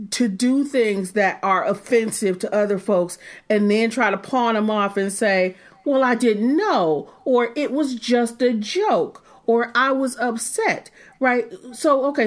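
A woman co-hosting a casual podcast discussion, animated and rambling, with frequent laughter and restarts. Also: mid-range voice, moderate pace. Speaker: podcast co-host.

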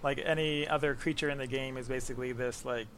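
A man's voice: mid-range voice, fairly even intonation, fast talker, fairly bright tone, a little hiss or hum. A man from the Bronx, talking casually as a podcast guest, rambling with fillers and laughter. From the Bronx, New York. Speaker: podcast guest, games writer. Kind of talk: casual conversation.

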